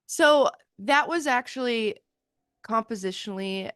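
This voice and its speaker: A woman's voice: fairly high pitch, a little slow, a bit bright, clean tone, no room sound. A young woman, a singer, talking as an interview guest in a candid, thoughtful way with some hesitations. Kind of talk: casual video interview.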